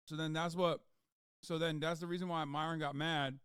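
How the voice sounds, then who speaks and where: A man's voice: a little high, flat delivery, moderate pace, a bit bright, clean tone, no room sound, studio quality. A man doing livestream commentary, ranting sarcastically with plenty of swearing.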